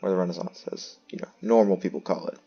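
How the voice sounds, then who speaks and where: Low-voiced man narrating his strategy game. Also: fairly even intonation, fast talker, vocal fry, mellow, breathy edge, lo-fi sound. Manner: thinks aloud, chatty, self-mocking asides. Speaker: let's play host. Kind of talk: casual gameplay commentary.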